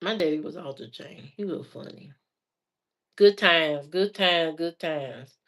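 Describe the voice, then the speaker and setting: A woman's voice: deep voice, a little slow, a bit bright. An adult woman telling stories in a casual, chatty way, laughing often as she goes. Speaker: vlogger. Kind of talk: casual storytelling.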